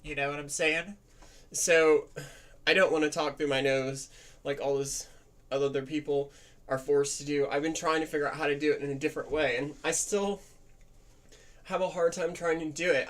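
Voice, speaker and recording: A woman venting in a candid personal vlog monologue, in a softened, practiced feminine voice that is slightly nasal, blunt and rambling with fillers. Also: low voice. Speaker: vlogger.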